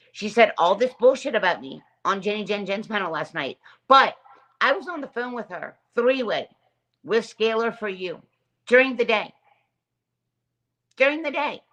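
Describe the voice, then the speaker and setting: A woman's voice: mid-range voice, a bit bright. A woman hosting her own livestream, telling a long aggrieved story and greeting chat viewers by name. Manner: aggrieved, repetitive, reads chat names aloud. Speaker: livestream host. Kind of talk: casual livestream rant.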